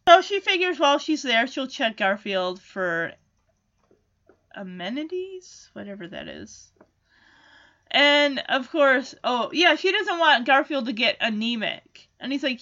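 In a slightly dull, lo-fi recording, a woman walks through a cartoon episode as a casual reviewer. Her voice is high and bright, her tone sarcastic and lively, and she repeatedly jumps into quick character voices.

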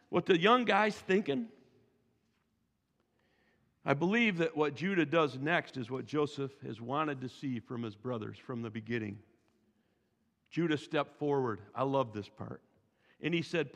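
A man preaching a sermon as pastor, telling the story in an animated way, acting out the quotes and adding chuckling asides. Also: mid-range voice, unhurried, long pauses. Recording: long hall reverb.

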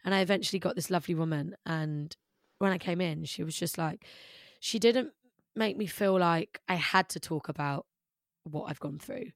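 This candid conversation features a young woman with a British accent, a musician guest, who rambles openly about her life and uses "like" a lot. Her fairly low voice moves at normal speed, recorded at studio quality with no echo.

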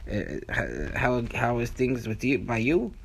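A man's voice: mid-range voice, sing-song, a little slow, gravelly, slightly rough, pitched above the performer's own voice, full character voice. A man voicing Hanukkah Harry, a flustered male space traveler who stammers and hesitates, in a told bedtime story. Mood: puzzled.

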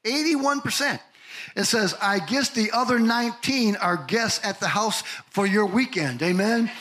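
An older male pastor preaching a lively sermon, telling stories and asking the congregation questions. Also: high voice, a little slow, poor audio. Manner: animated storytelling, asks the congregation questions.

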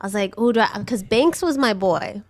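A woman's voice: medium pitch, expressive, moderate pace, a little mellow, no echo. A woman co-hosting a podcast, chatting casually, giggly and enthusiastic. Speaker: podcast co-host. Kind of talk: casual chat.

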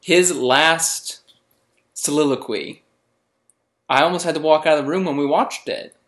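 A man's voice: a little high, a little slow, a bit bright. A man co-hosting a podcast in casual chat, blunt and opinionated with a joking edge. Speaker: podcast co-host.

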